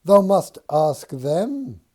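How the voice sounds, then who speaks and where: A man's voice: on the high side, expressive, takes it slowly, dark tone, voice pushed up. A man reading a novel aloud, voicing a direct, dry-witted young Quaker woman in a raised voice. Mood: wry.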